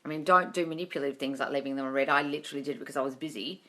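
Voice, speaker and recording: A woman's voice: deep voice, steady tone, very fast, sharp tone. A woman hosting a casual livestream Q&A as a manifesting coach, chatty and reassuring, calling viewers darling and swearing now and then. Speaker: manifesting coach answering live questions. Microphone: phone livestream.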